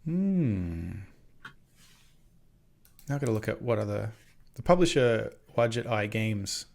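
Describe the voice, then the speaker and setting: A man co-hosting a games podcast with a gravelly, creaky voice. He rambles in loose casual chat, corrects himself as he goes, and swears without a second thought. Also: lowish voice, very animated, slow, darkish tone. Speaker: podcast co-host.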